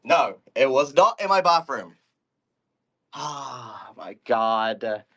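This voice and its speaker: A man's voice: mid-range voice, expressive, takes it slowly, fairly bright tone. A man streaming live, talking into a phone microphone from a step away in his room at home, rambling in exasperated, baffled bursts and swearing. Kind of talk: casual live audio chat.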